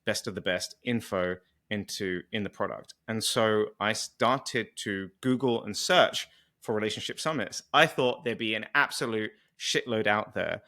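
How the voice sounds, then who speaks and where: A man's voice: lowish voice, moderate pace, bright, forceful tone. A British man hosting a casual podcast interview, chatty and enthusiastic with a joking streak. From Britain. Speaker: podcast host.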